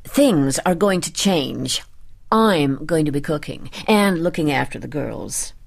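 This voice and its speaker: Brittle wealthy wife, insistent and scornful, husky lively voice, read by the narrator. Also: female voice, low voice, a little slow, heavily acted. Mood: defiant.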